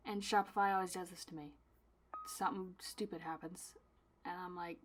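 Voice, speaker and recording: Young woman rambling while packing orders, complains dramatically, jokes at herself, gets loud then quiet. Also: on the low side, a little fast. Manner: self-mocking, chatty, dramatic complaining with sudden loud bursts and soft asides. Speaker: artist packing her own orders. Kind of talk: casual vlog chat.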